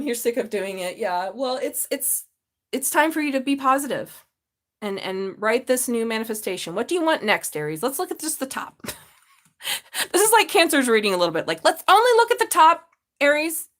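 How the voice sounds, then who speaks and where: A woman giving a live tarot reading, chatty and laughing often, swearing freely and calling viewers babe. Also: medium pitch. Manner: talks straight to viewers, calls them babe. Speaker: tarot reader.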